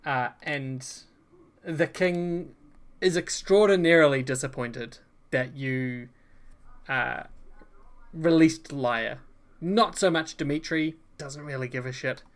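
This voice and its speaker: A man running a tabletop game as game master, narrating with frequent fillers and halting pauses. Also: fairly high pitch, a bit bright.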